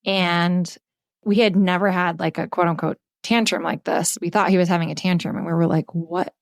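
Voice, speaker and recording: A woman's voice: on the low side, fairly even intonation, fairly quick, creaky, dry recording, clean studio sound. A woman in her thirties, co-hosting a podcast, candidly retelling a story with casual swearing. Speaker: podcast co-host.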